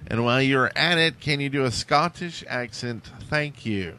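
A man's voice: medium pitch, moderate pace, bright, forceful tone, clean tone. A man co-hosting a podcast in casual chat, throwing in absurd jokes. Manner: joking, absurd non sequiturs. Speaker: podcast co-host.

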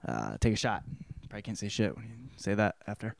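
A man's voice: fairly low pitch, very animated, quick pace, creaky, no room sound, studio quality. A man hosting a podcast, giving a casual spoken book report in a rambling, joking way with lots of swearing. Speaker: podcast host.

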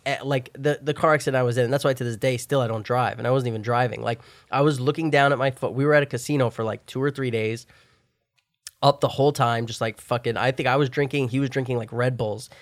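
A man's voice: mid-range voice, steady tone, fast, dry recording. Young man swearing through a rambling story. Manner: profane, rambling storytelling with loud acted-out shouts. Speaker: guest telling a story. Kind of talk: casual chat.

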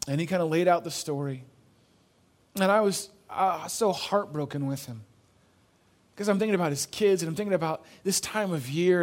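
Earnest man preaching a conversational sermon. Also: a little high. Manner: earnest, conversational storytelling with repeated phrases. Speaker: pastor. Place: church.

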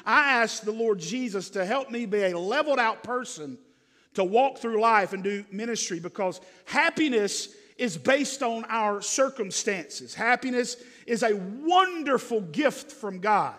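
Pastor guy preaching in church, high voice, long echo off the hall. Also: animated, unhurried. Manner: earnest preaching, drops soft and gentle for grief. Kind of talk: sermon. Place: church sanctuary.

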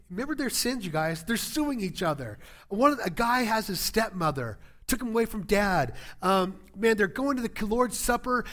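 A middle-aged man delivering a sermon, his voice pitched a little high for a man. He preaches with animated storytelling, swinging from loud comic asides down to quiet, earnest emphasis. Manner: animated storytelling, jumping from loud jokes to hushed earnest points. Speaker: pastor.

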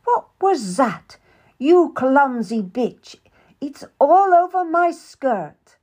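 A woman's voice: mid-range voice, expressive, unhurried. A woman doing a haughty, icy noblewoman. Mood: furious. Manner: hard, icy, commanding. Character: proud young noblewoman, sharp-tongued and haughty.

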